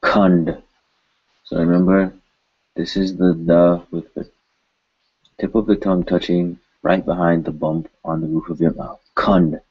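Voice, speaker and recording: A male language teacher runs a pronunciation drill, patiently saying each word over several times. His deep voice is slightly rough and flat in delivery at a normal speed, and the highs are missing from the audio.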